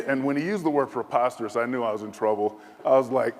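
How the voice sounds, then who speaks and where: A man in his fifties giving a speech as a military leader, telling a self-deprecating anecdote in a lively way from a podium in a large hall. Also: medium pitch, fast talker, vocal fry, hardly any pauses, a little hiss or hum. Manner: lively, self-deprecating storyteller who acts out quoted voices. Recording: echoey hall.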